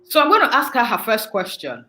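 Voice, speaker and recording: A woman's voice: fairly high pitch, wildly swooping pitch, brisk, sharp tone, a little hiss or hum, rough recording. A woman hosting a live online interview, chatty and playful, laughing often between asides. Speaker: host.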